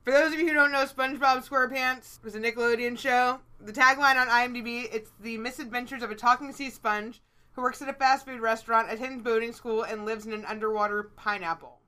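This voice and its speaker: A woman's voice: on the high side, fairly even intonation, a little fast, pushed and bright. A woman co-hosting a casual chat podcast, talking freely with plenty of swearing and laughter. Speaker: podcast co-host.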